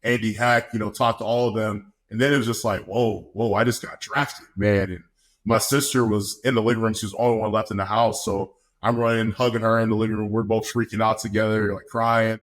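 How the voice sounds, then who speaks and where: This podcast guest, a twenty-something football player, speaks quickly in a fairly low voice with little pitch movement. He relaxes into his story, laughing often and tossing in "man" as a filler.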